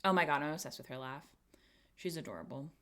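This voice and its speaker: A woman's voice: low voice, quick pace, fairly bright tone. A young woman streamer chatting casually and giggling, talking to herself as she reads things out. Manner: chatty, giggly, talks to herself while reading. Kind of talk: casual chat.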